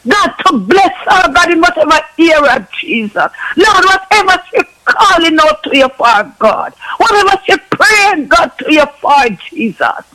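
A man's voice: extremely high pitch, big pitch swings, a little slow, hardly any pauses, sharp tone, rough recording. A man ministering in an impassioned spoken prayer for someone, ending nearly every phrase with a call to God. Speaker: minister praying for a caller.

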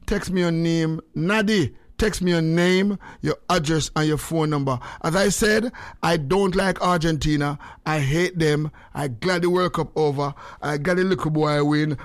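A man's voice: on the high side, dry recording. Rambling Jamaican radio host, older man. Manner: rambling, jokey, repeats phrases. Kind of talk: casual radio chat.

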